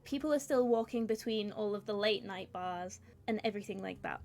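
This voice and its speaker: A woman running a tabletop game as game master, narrating scenes in a relaxed, casual way. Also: mid-range voice, brisk, vocal fry.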